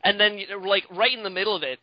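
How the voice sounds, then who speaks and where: A man's voice: high-pitched, rapid-fire, dry recording, dull audio. A man co-hosting a podcast in casual chat, rambling and swearing freely with lots of fillers. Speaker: podcast co-host.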